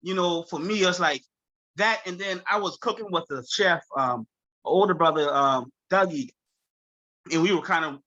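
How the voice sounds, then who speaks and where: A man's voice: fairly high pitch, moderate pace, dull audio. A man from Charleston with a Gullah Geechee-influenced accent, telling stories in an easygoing interview and laughing often. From Charleston, South Carolina. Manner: animated, laughs often, mimics friends in quotes. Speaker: chef, guest. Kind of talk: casual conversational storytelling.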